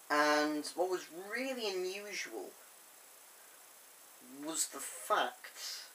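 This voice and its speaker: A chatty fan reviewer who rambles through the review with lots of "like" and "yeah". The voice has a middling pitch and quickly jumps from soft asides to loud bursts. There is a faint hiss under the home recording. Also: poor audio. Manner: enthusiastic, chatty, with many fillers. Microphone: camera on a tripod.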